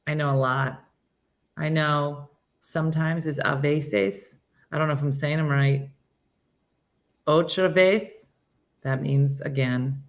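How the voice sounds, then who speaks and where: In her sixties, this woman hosts a laid-back morning show, chatting and reading viewer comments aloud with self-deprecating humor. Her voice is deep with a touch of brightness.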